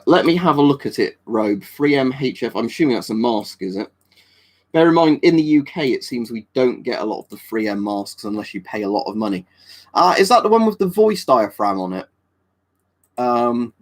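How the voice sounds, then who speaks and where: This English stream host has a mid-range, expressive voice and a moderate pace. He casually replies to viewer comments, wandering off-topic and frequently using fillers and restarting sentences.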